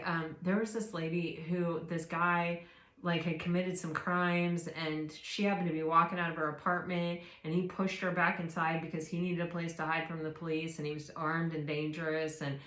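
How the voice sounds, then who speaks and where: A woman's voice: lowish voice, fairly bright tone. Rambling woman in a roomy space. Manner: rambling, many fillers and restarts. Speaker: tarot reader. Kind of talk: casual spiritual chat. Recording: roomy echo.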